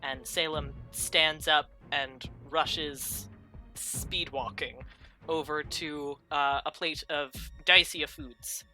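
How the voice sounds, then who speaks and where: A woman's voice: low voice, fairly even intonation, takes it slowly, sharp tone, faint music behind, rough recording. A young adult woman narrating a tabletop game as game master, rambling with many fillers and laughs.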